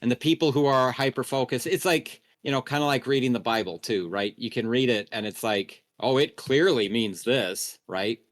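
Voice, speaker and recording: A man's voice: mid-range voice, fairly even intonation, brisk, few pauses, no echo, clean studio sound. A man with an Upper Midwest accent, co-hosting an improvised storytelling podcast, rambling and hesitant, with many fillers. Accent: Upper Midwest American. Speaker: podcast co-host.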